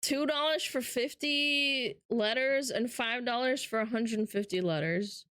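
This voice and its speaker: Woman streamer joking around with chat, slow drawl, kinda high voice, dry close sound. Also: fairly bright tone, clean tone, dry recording. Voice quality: joking, swearing, laughs often. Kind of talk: casual live-stream chat.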